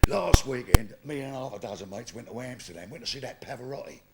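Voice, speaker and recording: A man's voice: mid-range voice, lively intonation, fast, very noisy. A man in his fifties with a London Cockney accent telling bawdy jokes in live stand-up, acting out the people in his stories in changing voices. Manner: gravelly, bawdy, acts out characters in shifting voices. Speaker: stand-up comedian. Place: theatre stage with live audience. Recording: live theatre recording with audience laughter.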